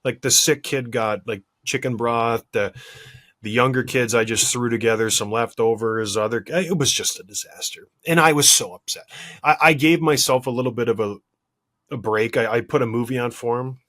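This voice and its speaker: A man's voice: medium pitch, moderate pace. Exasperated man telling a story. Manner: animated storytelling, exasperated, self-deprecating. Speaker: podcast co-host. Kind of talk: casual podcast chat.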